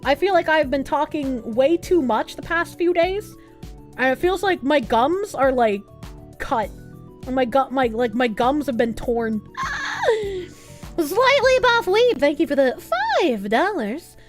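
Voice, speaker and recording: A woman's voice: high voice, expressive, a little slow, soft background music. A woman livestreamer chatting casually and thanking viewers for donations, crude and joking, swearing freely. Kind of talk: casual stream chat, reading out donations.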